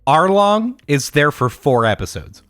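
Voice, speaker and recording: A man co-hosting a casual podcast chat, talking in a measured, analytical way with dry humor. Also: a little high, sing-song, fairly bright tone, no room sound. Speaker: podcast co-host.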